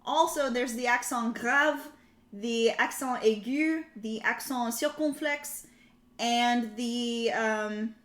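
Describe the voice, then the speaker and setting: A woman's voice: a little high, slow, fairly bright tone. A young woman streaming a casual language lesson, chatty and rambling, laughing often between points. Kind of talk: casual live-stream chat. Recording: roomy echo.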